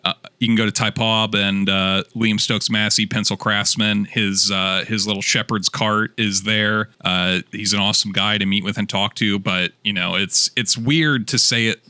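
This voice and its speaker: Man, casual podcast chat, eager, dry close sound, lowish voice. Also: sharp tone, clear, resonant tone, no room sound. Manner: enthusiastic, rambling with fillers. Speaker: podcast guest.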